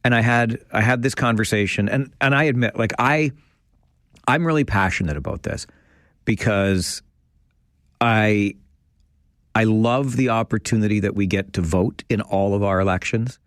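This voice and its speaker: A man's voice: on the low side, moderate pace, a bit bright, no echo. Male radio host, call-in talk show, passionate heated rant, dry close studio sound. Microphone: studio microphone.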